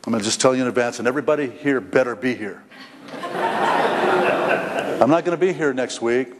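On a church stage, a middle-aged pastor with a mid-range voice preaches a sermon fairly quickly and with emotion. He stammers into repetitions, and his voice climbs when he speaks as the prodigal son. The recording carries long hall reverb and faint noise.

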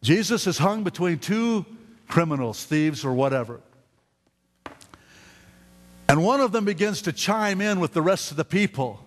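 A man's voice: sits high, lively intonation, measured pace, long pauses. A man preaching a sermon in a church, earnest and prone to stammered restarts. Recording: reverberant hall.

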